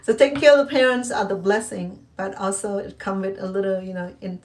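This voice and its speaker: Middle-aged woman, casual confiding vlogger, halting delivery with restarts, mic slightly far. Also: medium pitch. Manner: rambling, halting, many restarts and fillers. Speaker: cooking channel host. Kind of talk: casual personal talk to camera.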